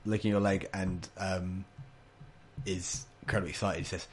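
A man's voice: sits low, flat delivery, moderate pace, background noise. Rambling man running a tabletop game. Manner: rambling, full of restarts. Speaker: game master.

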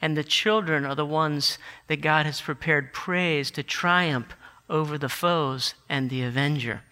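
A man with a high, ringing, very bright voice preaches a sermon, swelling into emphatic declarations. His words carry a long reverb, as though spoken in a big church sanctuary. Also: a little slow, smooth. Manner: animated, rising to emphatic declarations.

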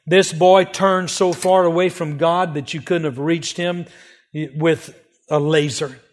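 Earnest older man, slightly high voice. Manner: earnest, emotional storytelling with repeated phrases. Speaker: missionary. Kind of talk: slideshow update to supporters.

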